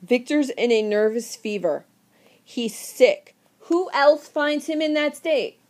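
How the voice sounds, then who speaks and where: A woman teacher lectures with theatrical energy and fires questions at her class. Her voice sits a little high and she pushes every point with emphasis. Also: slow, darkish tone. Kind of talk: recorded literature lecture.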